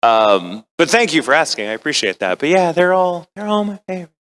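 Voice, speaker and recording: A middle-aged American voice actor talks casually with fans on a convention panel, rambling and poking fun at himself while tossing in playful quoted asides. His voice is on the high side and fairly bright, with big pitch swings and a slightly fast pace.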